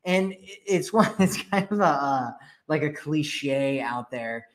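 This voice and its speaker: A man's voice: a little high, lively intonation, slow. A man hosting a dating advice podcast, talking casually with many fillers and restarts. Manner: chatty, lots of fillers and restarts.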